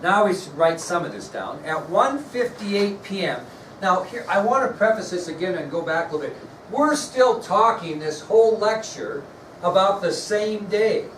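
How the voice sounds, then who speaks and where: A man's voice: sits high, animated, moderate pace, a bit bright. Echoey classroom lecture by a man. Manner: conversational, checks in with the class often. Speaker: history teacher. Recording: echoey room, far mic, faint noise.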